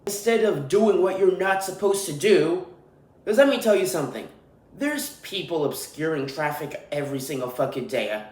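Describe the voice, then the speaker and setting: A man with a somewhat high voice rants through his podcast, irritated and swearing freely. The room around him gives his voice a noticeable echo. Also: expressive, moderate pace, darkish tone. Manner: irritated, profane, ranting. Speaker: podcast host. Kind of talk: solo podcast rant. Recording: roomy echo.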